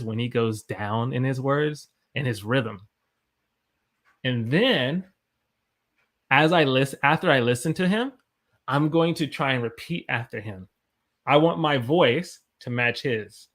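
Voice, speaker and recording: A young man hosting a live English lesson, chatting and encouraging as he reads out viewer comments. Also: on the high side. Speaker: English teacher, livestream host.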